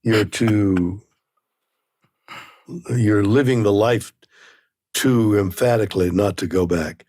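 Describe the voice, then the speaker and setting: Older male guest, 90s, slow and husky, halting restarts, dry close sound. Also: fairly low pitch, a little mellow, no room sound. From Canada. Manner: halting, repeats words while searching for phrasing. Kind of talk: casual interview talk.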